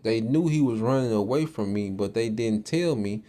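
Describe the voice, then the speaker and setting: A man's voice: on the low side, normal speed, dark tone, natural voice. A man voicing a furious tyrant king barking orders.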